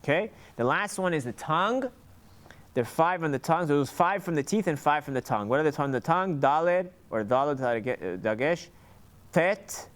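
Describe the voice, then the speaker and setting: A man giving an informal lesson on Hebrew letter sounds, sounding them out slowly and often restarting his sentences. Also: a little high, lively intonation, a bit bright. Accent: Sephardic Hebrew pronunciation. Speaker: Hebrew reading teacher.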